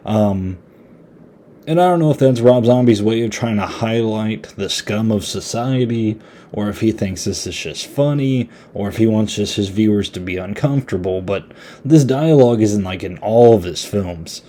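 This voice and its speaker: A man's voice: fairly low pitch, normal speed, dark tone. A man hosting a podcast, giving a casual, rambling horror movie review in a laid-back, chatty way. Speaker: podcast host.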